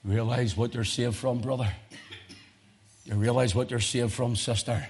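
A male preacher delivering a fervent sermon, swinging from loud emotional crescendos to low, intense tones. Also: normal speed, creaky, long pauses, slightly rough.

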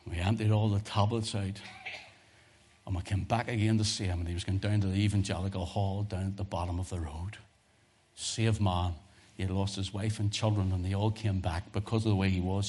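Male preacher, low husky voice, animated sermon storytelling with loud and hushed swings. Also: brisk. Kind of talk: sermon with personal testimony stories.

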